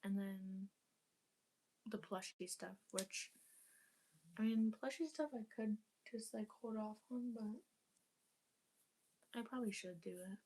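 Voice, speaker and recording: A woman's voice: mid-range voice, slow, pauses often, dark tone, breathy edge. A young woman chatting casually while cleaning her apartment, rambling with lots of fillers and casual swearing. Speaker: vlogger.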